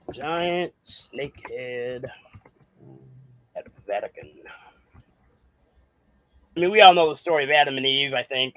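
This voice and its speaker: A man's voice: medium pitch, bright, forceful tone, no room sound. A man co-hosting a casual live stream, chatting in an easygoing way and agreeing readily. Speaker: co-host on the stream. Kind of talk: casual chat.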